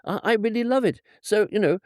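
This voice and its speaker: A man voicing a blustering, boastful emperor who rambles and pleads in a stammer, his pitch pushed up high. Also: fairly quick, darkish tone, no room sound, studio quality, natural voice. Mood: gushing, aggrieved. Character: blustering boastful German emperor, male, wounded.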